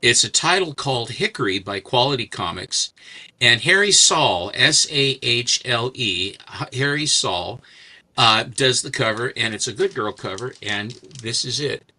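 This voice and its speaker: A man's voice: medium pitch, animated, a little slow, sharp tone. An older man hosting a casual chat, rambling through stories and jokes as he shows comics. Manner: rambling storyteller, chatty and joking. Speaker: host.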